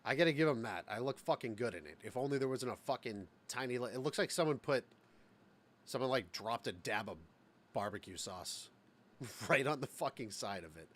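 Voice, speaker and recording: A young man co-hosting a gaming podcast, telling a story in a profane, animated, exasperated way. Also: mid-range voice, brisk. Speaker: podcast co-host. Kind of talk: casual chat.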